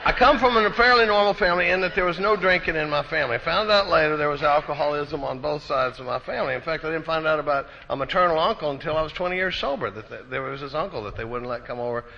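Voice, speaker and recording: A middle-aged man from Texas tells his recovery story to a conference crowd in a somewhat high, bright, forceful voice. He talks like a folksy storyteller and pokes fun at himself. It sounds like a slightly muffled live recording from a hall. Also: quick pace, hardly any pauses, a little hiss or hum. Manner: folksy storyteller with self-deprecating jokes. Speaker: recovery meeting speaker. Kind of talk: personal recovery talk at a conference.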